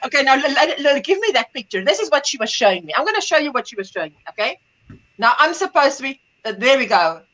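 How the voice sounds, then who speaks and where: High, lively middle-aged woman storyteller. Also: fast talker, low-quality recording. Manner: animated storyteller, acts out quoted voices. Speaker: livestream host. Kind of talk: casual chat.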